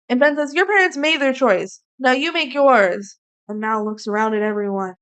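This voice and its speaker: A woman co-host with a slightly high voice, recapping a movie in loose, lively chat. She keeps slipping into quick impressions of the characters' lines. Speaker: podcast co-host.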